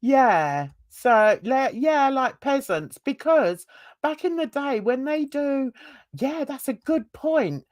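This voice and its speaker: A woman's voice: high voice, very animated, takes it slowly, darkish tone, no echo. An older woman from London, hosting a casual, opinionated and rambling chat. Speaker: host.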